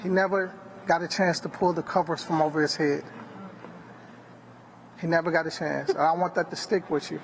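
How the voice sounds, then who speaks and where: A man's voice: fairly high pitch, steady tone, normal speed, creaky, long pauses, a little hiss or hum, poor audio. A man speaking as a family friend at a press conference, earnest and emotional, repeating his key lines. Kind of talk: emotional public speech.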